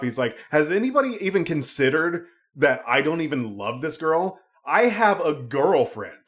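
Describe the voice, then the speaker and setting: A man in casual film talk, animated and swearing freely, acting out characters' lines. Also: mid-range voice.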